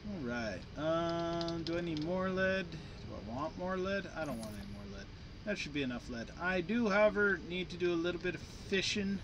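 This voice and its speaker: A man's voice: a little high, moderate pace, background noise. A man giving casual, playful commentary while he plays a game, chatting to himself as he goes. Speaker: gameplay commentator. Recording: game music playing behind.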